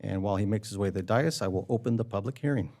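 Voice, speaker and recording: A man chairs a county board meeting in a polite, procedural way. He calls items, takes votes and keeps speakers on track. His voice sits a little low. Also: racing, dark tone.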